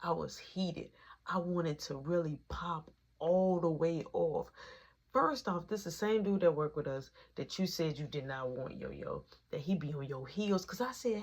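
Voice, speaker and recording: A woman's voice: on the low side, animated, measured pace, a little mellow, slightly rough. A woman casually telling a long personal story in slang, acting out each quoted line of dialogue in its own voice.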